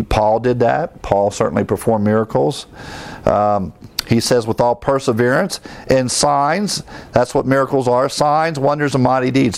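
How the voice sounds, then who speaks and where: A man's voice: medium pitch, vocal fry, darkish tone. A middle-aged man, a pastor, teaching verse by verse through a Bible passage, reading verses aloud and explaining them plainly. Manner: explains scripture plainly, reads verses aloud, with fillers and restarts.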